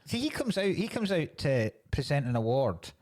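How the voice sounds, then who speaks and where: Husky, lively Scottish comedian. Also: male voice, fairly high pitch, moderate pace. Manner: lively, agreeable, many "yeah"s. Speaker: podcast co-host, comedian. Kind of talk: casual chat.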